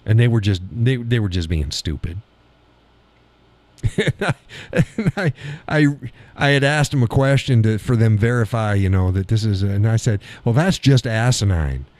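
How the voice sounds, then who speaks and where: A man's voice: lowish voice, animated, normal speed, darkish tone, dry recording. A middle-aged man hosting a live stream in casual chat, swearing freely, laughing often, telling stories with animation. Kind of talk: casual chat reading viewer comments.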